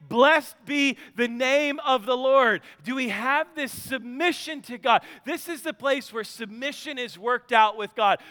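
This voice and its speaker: A man's voice: very high voice, sharp tone, smooth, in a large hall. A man preaching a sermon as a pastor, telling stories with animation and acting out a child's voice.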